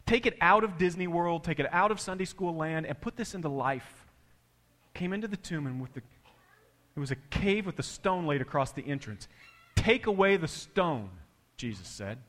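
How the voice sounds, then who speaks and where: A man preaching a sermon in a church hall, his voice sitting a little high for a man. He swings from hushed, confiding lines to loud, stretched-out bursts as he tells the story. The hall gives his voice a long, ringing echo. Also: expressive, brisk. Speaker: pastor.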